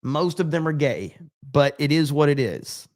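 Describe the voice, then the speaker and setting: A man's voice: fairly high pitch, lively intonation, moderate pace, darkish tone. A man hosting a livestream, chatting casually and reading out viewer comments in a loose, profane, rambling way. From United States. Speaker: livestream host.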